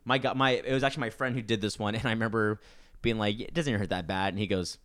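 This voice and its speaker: Laid-back low-voiced young guy rambling. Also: fairly even intonation, quick pace, fairly bright tone, clean tone. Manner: rambling, filler-heavy storytelling. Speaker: podcast host. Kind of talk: casual chat.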